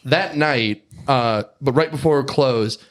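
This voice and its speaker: A man's voice: mid-range voice, takes it slowly, a bit bright. A man co-hosting a casual podcast, telling stories in a joking, profane way. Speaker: podcast co-host.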